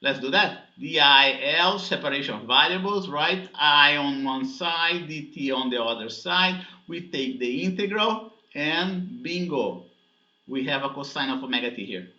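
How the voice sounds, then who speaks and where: A man's voice: fairly high pitch, animated, unhurried, bright, forceful tone. Man, classroom lecture, explanatory, checks understanding often, dull echoey sound. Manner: explanatory, checks understanding with frequent "okay?" and "right?". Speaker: physics teacher.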